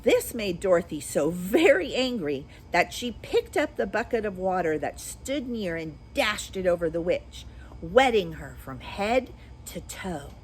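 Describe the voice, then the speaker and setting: A woman teacher reading a children's storybook aloud with expressive, animated storytelling. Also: fairly low pitch, measured pace, a little hiss or hum, low-quality recording.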